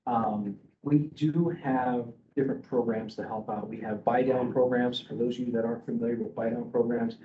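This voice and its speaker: Middle-aged guy explaining home loans to a room, rambly, lots of ums, kinda dull recording w/ faint rumble. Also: steady tone, moderate pace, few pauses. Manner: rambling with many fillers and restarts, checking in with "okay?"; loud speaking voice. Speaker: mortgage broker. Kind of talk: casual presentation to a group.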